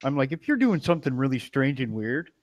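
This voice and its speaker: A man's voice: medium pitch, sing-song, fairly quick, no room sound. A man rambling in casual livestream chat while drawing, muttering to himself as he works. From Canada. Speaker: livestream artist.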